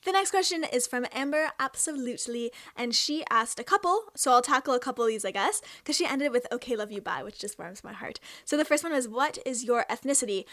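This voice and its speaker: A woman's voice: high voice, lively intonation, fairly quick, few pauses, fairly bright tone, no room sound, studio quality. A Canadian woman in her twenties hosting a casual question-and-answer vlog, chatty and self-amused. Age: 20s. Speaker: host.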